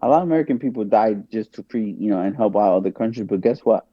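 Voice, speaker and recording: Here a fast-talking man with a lowish voice is a podcast guest pushing his opinions in emphatic, casual discussion, circling back to rhetorical questions and asking "guess what" over and over. There's no echo, but the recording is muffled.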